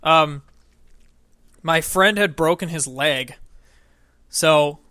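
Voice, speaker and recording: A young man co-hosting a gaming podcast, telling a profane, animated story in casual chat. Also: fairly high pitch, drawn-out words, smooth, no room sound, clean studio sound. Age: young adult. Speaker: podcast co-host.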